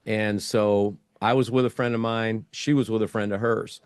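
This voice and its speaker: A man's voice: lowish voice, steady tone, moderate pace, clear, resonant tone, no echo, clean studio sound. A middle-aged man, a guest in an interview, telling a casual story and acting out his own thoughts as he goes.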